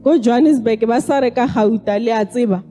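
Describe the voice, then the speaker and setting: A man with a very high voice interprets a sermon line by line, echoing each phrase right after the preacher. His tone is mellow and dark, and soft music plays behind him. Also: fast. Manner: echoes each phrase promptly.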